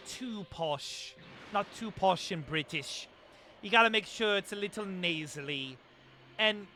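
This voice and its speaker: High, animated male streamer. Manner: chatty, rambling with many fillers and restarts. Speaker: livestreamer. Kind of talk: casual stream chat about doing voices.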